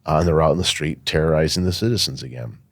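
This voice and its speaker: A man's voice: extremely low pitch, quick pace, no echo, studio quality. A man speaking as a guest in a podcast interview, emphatic and insistent, with frequent fillers. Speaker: guest, firearms safety academy owner.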